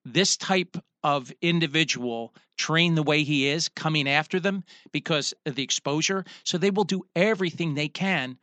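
A man's voice: a little high, moderate pace, hardly any pauses, sharp tone, no echo. A man with a Philadelphia accent hosting a casual talk radio chat, emphatic and often restarting his sentences. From Pennsylvania. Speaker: radio host.

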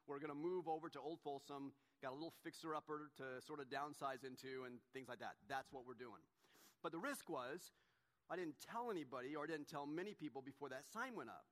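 A male pastor giving a relaxed, conversational sermon that gets animated when he retells a story. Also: on the high side, quick pace, in a large hall.

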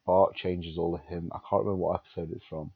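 A man's voice: low voice, little pitch movement, fast, gravelly, breathy edge, no room sound, phone-quality sound. A British man co-hosting a podcast in casual chat, rambling through sweary anecdotes with many restarts, and sounding tired. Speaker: podcast co-host.

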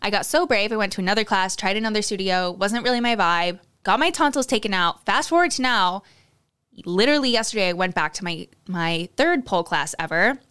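A woman tells a personal story on her solo podcast in a candid, chatty way. She fills her sentences with "like", swears without a second thought and speaks directly to her listeners. Her voice is smooth and clear at a middle pitch. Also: animated, fairly quick, fairly bright tone. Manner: chatty, candid, swears freely, many "like" fillers; confiding, addresses listeners directly. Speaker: podcast host.

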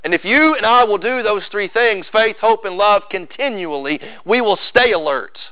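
A man's voice: high voice, animated, moderate pace, no room sound, dull audio. A man preaching a sermon as pastor, emphatic and repeating phrases for stress.

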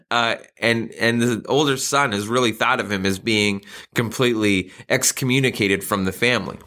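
A man in middle age delivers a sermon in a relaxed, conversational tone. His voice is bright and forward, with a middle pitch. He jokes at his own expense and often restarts his phrases. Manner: conversational, self-deprecating humor with frequent restarts. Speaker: pastor.

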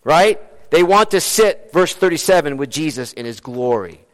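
A male pastor preaching a Sunday sermon, pressing repeated rhetorical questions and dropping to a hushed, low voice as he closes. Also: animated, moderate pace. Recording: reverberant hall.

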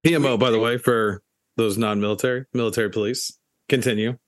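A man's voice: mid-range voice, fairly even intonation. Host type, a man chiming in with blunt, profane asides and questions. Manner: profane, quick interjections and questions. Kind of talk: casual chat.

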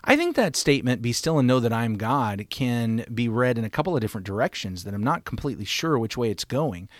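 A man leads a conversational Bible discussion with animated, emphatic delivery. His pitch moves widely as he makes his points. The recording is close and dry with no room sound. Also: quick pace, no room sound. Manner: animated and emphatic, acts out quotations. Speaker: Bible study podcast co-host.

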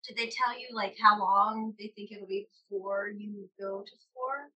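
A woman co-hosting a casual chat show, asking quick follow-up questions and cooing to a pet. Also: mid-range voice, fairly even intonation, sharp tone, breathy edge, highs cut off. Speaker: podcast co-host.

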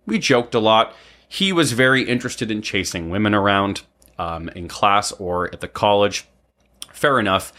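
Deep-voiced man telling a long story. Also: a bit bright. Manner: rambling, frequent "um" and tag "right?". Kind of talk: casual personal storytelling.

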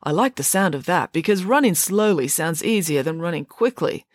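A woman's voice: fairly low pitch, expressive, moderate pace, no room sound, natural voice. A woman reading a storybook, voicing a tall, good-natured and rather dim teenage schoolboy who talks in an eager, wide-eyed way. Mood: cheerful.

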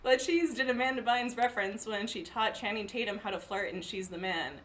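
A woman's voice: medium pitch, slight background noise. A woman hosting a playful quiz game for a friend, reading questions and answer options in a teasing way. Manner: teasing, reads options slowly. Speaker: quizmaster.

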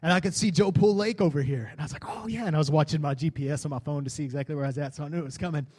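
Pastor telling a story from the pulpit. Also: male voice, fairly high pitch, very fast, a little mellow. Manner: conversational, building to fervent preaching. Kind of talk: sermon with personal storytelling.

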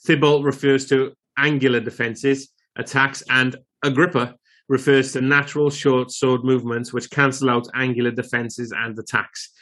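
A man's voice: medium pitch, flat delivery, normal speed, fairly bright tone. A man co-hosting a podcast, reading out trivia and commenting in a dry, wry way. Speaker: podcast co-host. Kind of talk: casual chat, reading trivia.

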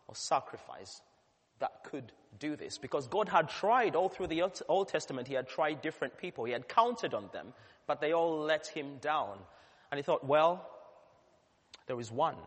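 A man, a pastor, delivering a sermon with earnest emphasis that swells to loud peaks. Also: fairly high pitch. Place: church. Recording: long church reverb.

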